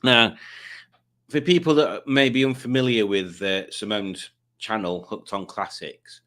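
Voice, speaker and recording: A man's voice: lowish voice, fairly even intonation, unhurried, fairly bright tone. A man, hosting a live stream, chatting casually and joking as he reads out viewers' comments. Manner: chatty, jokey, does silly voices for commenters.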